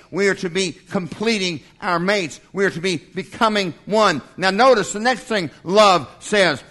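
A man's voice: high-pitched, a bit bright. An older man preaching a sermon as pastor, folksy and humorous, acting out little dialogues.

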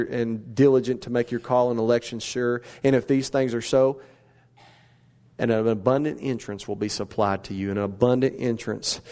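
Male preacher, mid-pitched voice, delivering a sermon with urgent, emphatic repetition. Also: darkish tone.

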